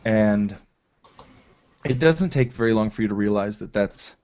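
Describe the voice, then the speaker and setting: A man narrating as game master of a tabletop game, in a halting style full of fillers, on a dull lo-fi recording. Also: fairly low pitch, expressive, a little mellow. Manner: slow, halting descriptive narration with many fillers.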